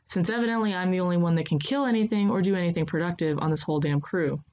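A woman's voice: lowish voice, fast talker, a little mellow, lo-fi sound, natural voice. A woman voicing a cynical, curt gunslinger, with a sarcastic way of talking. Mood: irritated.

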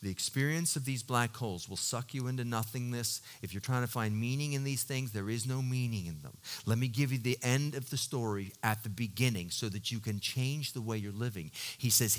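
A middle-aged male pastor preaching a sermon, swinging from loud emphatic peaks to quiet, low storytelling, with halting restarts as he searches for words.

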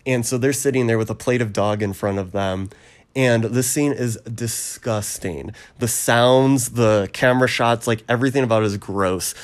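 A man in casual chat, retelling a film's plot in a rambling way with many ums and quick acted quotes. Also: medium pitch. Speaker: podcast co-host recapping a film.

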